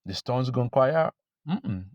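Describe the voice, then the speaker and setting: A man preaching informally to camera, blunt and profane, repeating himself and reading scripture slowly. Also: mid-range voice, expressive, no echo, highs cut off. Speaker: religious teacher.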